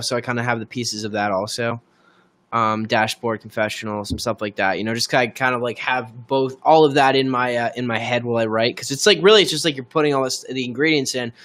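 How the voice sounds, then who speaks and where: Young-sounding male songwriter, bright and sharp tone, casual filler-laden livestream chatter. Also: medium pitch. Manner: rambling, filler-heavy, thanks viewers by name. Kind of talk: casual livestream chat with viewers.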